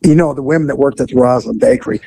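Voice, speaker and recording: A man telling casual police stories, animated, laughing and swearing freely. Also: medium pitch, very fast, gravelly, no echo, low-quality recording.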